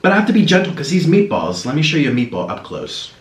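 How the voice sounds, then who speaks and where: A man's voice: on the high side, big pitch swings, fast talker. A man chatting casually to the camera as he eats, cooing now and then at his pet. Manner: chatty, coos at his pet between bites. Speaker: food vlogger. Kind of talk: casual mukbang chat to camera. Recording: echoey room with faint noise.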